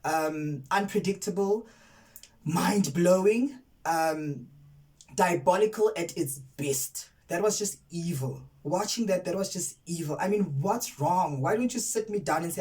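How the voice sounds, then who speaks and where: A woman's voice: on the low side, unhurried, dark tone, distant mic, low-quality recording. A woman from South Africa giving a casual, emphatic spoken review of a TV series, often repeating words for effect. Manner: outraged and candid. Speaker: TV series reviewer, content creator.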